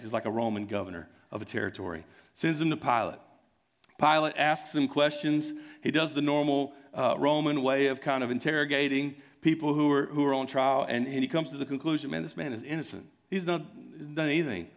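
Earnest man telling a story in a sermon. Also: mid-range voice. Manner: retells scenes with voiced quotes, conversational and earnest. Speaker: pastor.

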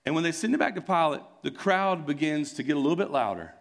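A pastor with a fairly high, expressive voice talks fast as he preaches, retelling a scene in an earnest, conversational style as part of his sermon storytelling.

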